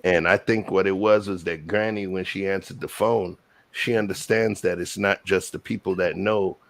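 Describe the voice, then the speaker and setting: A man's voice: deep voice, steady tone, normal speed, creaky, no echo. A man hosting a casual panel discussion, explaining his points emphatically and repeating words for weight.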